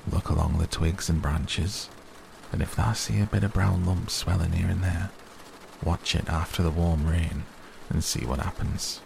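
A man voicing a grumbling, grunting old gardener who is cross but softhearted, talking with reluctant gruffness. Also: low voice, fairly even intonation, a little slow, background noise, heavily acted. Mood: gruff. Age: older.

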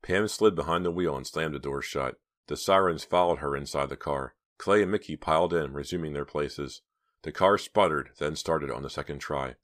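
A man narrating a suspense novel as an audiobook, reading in measured, suspenseful short phrases. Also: very deep voice, a bit bright.

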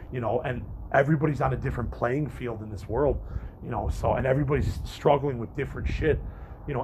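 Set against slight background noise, this young man's mid-range, slightly mellow voice carries a loose, unfiltered vlog monologue. A vlogger and podcaster, he swears without holding back and keeps stopping and restarting his thoughts, filling gaps as he goes.

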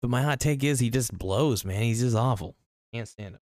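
A man's voice: medium pitch, normal speed, darkish tone, no room sound, studio quality. A young man ranting bluntly and crudely into his own video, rambling with restarts. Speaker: political vlogger. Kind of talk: ranting monologue to camera.

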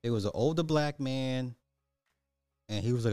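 A man, ranting in casual commentary, loose and animated, swearing and repeating himself. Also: medium pitch, normal speed, smooth, no room sound, studio quality, soft background music.

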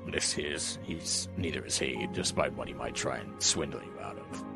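A man voicing a heavily scarred, arrogant male orc bodyguard in a tabletop game, with slow, terse, menacing speech. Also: music in the background. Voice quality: deep gravelly growl.

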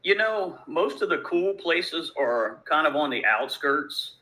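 A man from Louisiana, a bartender guest telling profane, animated stories in a casual interview. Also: on the high side, a little slow, rough recording. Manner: profane, animated, laid-back. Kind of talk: casual storytelling.

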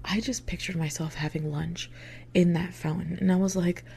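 A young woman chats through a story about her past in a relaxed storytime way. Her voice sits low and mellow, with a gravelly fry, and she swears freely. She pads her sentences with filler words and often sinks into hushed whispers. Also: moderate pace, a little hiss or hum. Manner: drops into hushed whispered asides. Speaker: vlogger. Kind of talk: casual storytime.

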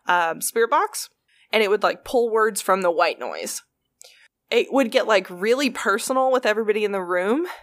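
A woman retelling stories in a loose, chatty way, swearing freely and padding her sentences with fillers. Her voice sits at a middle pitch, and she moves at an ordinary pace. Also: a bit bright. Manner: chatty, profane, heavy on fillers. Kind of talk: casual storytelling.

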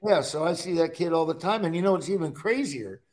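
Middle-aged man from Nebraska, slightly high voice, animated storyteller for a casual talk guest spot. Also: fairly quick. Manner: storytelling, animated, acts out his own quotes. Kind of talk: casual chat.

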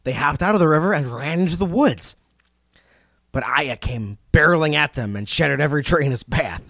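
A man's voice: on the high side, animated, brisk, gravelly, fairly bright tone, no echo. Joking male podcast storyteller, dry sound. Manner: loose, joking retelling.

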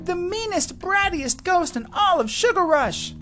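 A woman's voice: very high voice, lively intonation, a little slow, fairly bright tone, soft background music, pitched above the performer's own voice, exaggerated voice. A woman voicing a bold, spunky young girl racer in a storybook reading. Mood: excited.

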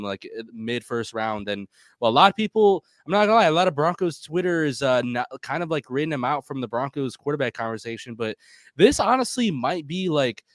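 A man's voice: medium pitch, no echo. A man co-hosting a casual sports podcast, working through strengths and weaknesses in a methodical way. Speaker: co-host.

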